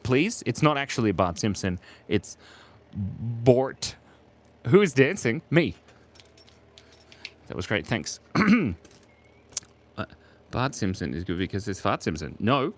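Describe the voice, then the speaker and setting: A playful Australian man with a low voice that swoops up and down as he chats. He jokes around and answers his viewers while sketching silly pictures on a live stream. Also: big pitch swings, measured pace, pauses often. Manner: playful, jokey, reads chat aloud and laughs often. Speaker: streamer drawing live for chat. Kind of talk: casual live drawing stream.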